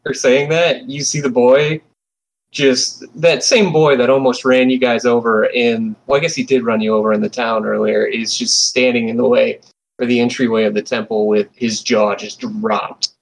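A man's voice: mid-range voice, flat delivery, moderate pace, vocal fry, low-quality recording. A man running a tabletop role-playing game as game master, narrating casually.

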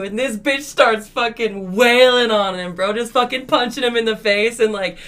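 A woman's voice: fairly high pitch, normal speed, hardly any pauses. A woman co-hosting a podcast, telling a story in casual chat. She swears a lot and acts out what people said. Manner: profane, animated, acts out quotes. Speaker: podcast co-host. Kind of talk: casual storytelling among friends.

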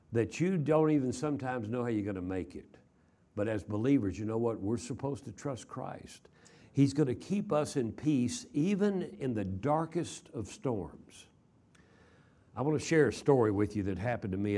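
A man's voice: mid-range voice, darkish tone. An older man from Texas preaching a chapel sermon, telling stories in a folksy way with frequent fillers and repeated words. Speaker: traveling preacher.

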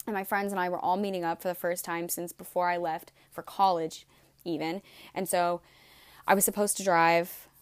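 A woman in her twenties telling a rambling story to camera, swearing freely and saying "like" constantly. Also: fairly low pitch. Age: 20s. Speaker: vlogger. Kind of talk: casual storytelling vlog.

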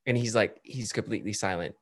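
A man's voice: fairly low pitch, quick pace, very noisy. A man hosting a podcast, chatting casually and laughing easily. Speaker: podcast host. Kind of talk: casual chat.

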